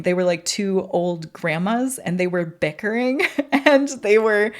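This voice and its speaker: Woman podcaster telling her own story, kinda low voice, laughs a lot, swears casually. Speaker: podcast host. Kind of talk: personal storytelling.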